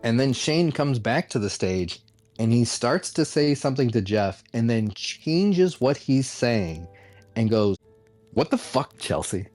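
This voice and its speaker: Male podcast host, mocking comedic rant, mid pitch, dry close mic. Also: unhurried, no echo, soft background music. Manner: animated, mocking, laughs often.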